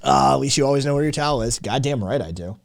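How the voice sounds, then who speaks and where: A man's voice: mid-range voice, animated, fast, vocal fry, no echo. A man hosting a casual livestream, rambling and swearing as he answers chat messages. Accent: slight Southern drawl at times. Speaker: podcast host.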